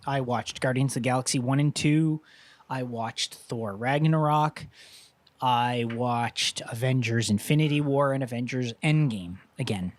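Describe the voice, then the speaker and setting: A man with a medium-pitched voice, speaking a little slowly, co-hosts a casual talk show. He rambles through a long story, acting out quotes in a raised voice.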